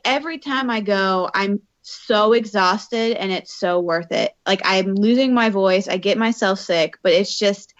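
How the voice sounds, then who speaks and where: A woman co-hosting a podcast in casual chat, bubbly and quick, often repeating words as she gets going. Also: mid-range voice, lo-fi sound. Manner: bubbly, fast-talking, repeats words when excited. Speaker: podcast co-host.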